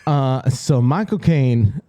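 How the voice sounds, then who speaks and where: Male podcast co-host, warm and dark tone, laughing anecdote teller. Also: mid-range voice, drawn-out words. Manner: animated storyteller, laughs often, acts out quotes. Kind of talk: casual chat.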